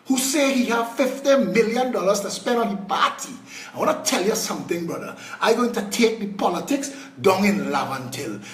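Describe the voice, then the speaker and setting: A man's voice: high voice, echoey room, distant mic. A Trinidadian man giving a fiery political speech, blunt and angry, throwing crude insults. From Trinidad and Tobago.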